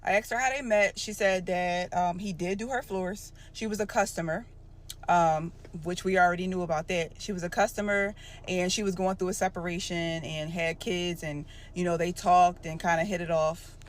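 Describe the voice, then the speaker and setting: A woman's voice: on the low side, steady tone, moderate pace. A young adult woman telling a personal story in casual chat to her viewers, with lots of "like.". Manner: chatty, talks to viewers, fills with "like". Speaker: storytime vlogger.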